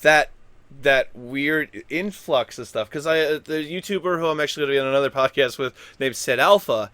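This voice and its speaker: A goofy, animated man rambles through casual gaming news commentary, his voice swinging from hushed to loud. The tone is bright and forceful, slightly high for a man, and the sound is dry and close. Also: fairly quick, clean tone, dry recording. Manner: goofy, self-deprecating. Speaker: YouTube gaming news host.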